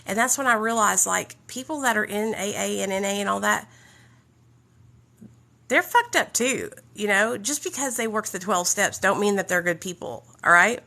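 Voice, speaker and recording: A woman's voice: mid-range voice, normal speed, creaky. A woman with a Southern US accent telling a candid, profane story about her recovery. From Southern United States. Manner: blunt, profane, animated.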